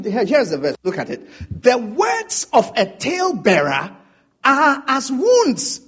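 Husky-voiced preacher man, lively pitch. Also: dull audio. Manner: animated preaching with audience call-and-response. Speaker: pastor. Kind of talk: sermon.

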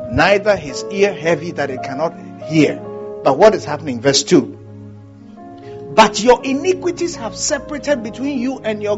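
Animated Ghanaian male preacher. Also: sits high. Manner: animated, shifts between loud declarations and quiet storytelling. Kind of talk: sermon. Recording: dull lo-fi sound with music behind.

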